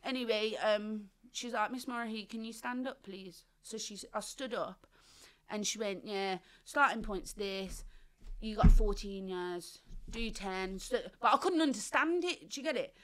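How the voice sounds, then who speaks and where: Unhurried and medium-pitched, a woman guest on an interview show tells the story of her life. She uses lively slang and plays out the voices of people she quotes.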